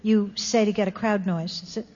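A woman's voice: mid-range voice, fairly even intonation, moderate pace, long reverb tail, highs cut off, a crowd in the background. A woman on a live game panel, offering thoughtful guesses. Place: stage before a live audience.

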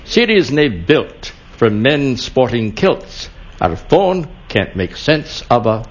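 Slow husky man reading verse. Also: mid-range voice, very animated, dull audio. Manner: slow, measured delivery of rhymes. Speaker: announcer and scorekeeper.

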